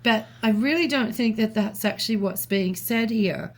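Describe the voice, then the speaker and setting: A woman co-hosting a talk show, reasoning aloud in a thoughtful, measured way with small restarts. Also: fairly high pitch. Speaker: podcast co-host. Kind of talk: reflective conversational commentary.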